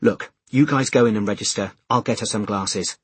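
A stressed man behind the wheel, clipped and tightly controlled, voiced close to the narrator's own husky tone. The recording is dry and close. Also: on the low side, moderate pace, no echo. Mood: tense. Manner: tense, clipped, keeping himself in check. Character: tense adult man driving, trying to stay calm.

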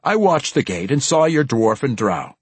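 A man's voice: medium pitch, very animated, moderate pace, husky, no room sound, pitched above the performer's own voice. A man voicing a sly, smug male gate guard who drawls his lines.

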